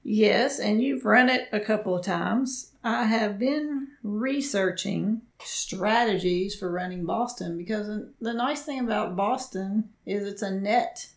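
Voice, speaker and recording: A woman's voice: medium pitch, measured pace, gravelly, hardly any pauses, roomy sound. A woman co-hosting a running podcast, chatting and teasing, often laughing. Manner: giggly, teasing. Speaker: podcast co-host. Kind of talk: casual chat.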